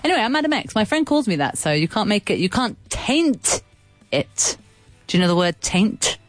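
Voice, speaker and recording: Woman radio host, chatty and teasing, animated pitch, dry close mic. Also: a little fast, no room sound, faint music behind. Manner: chatty, playful, laughs often, swoops up in pitch. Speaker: radio co-host and English teacher. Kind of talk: casual radio chat teaching English.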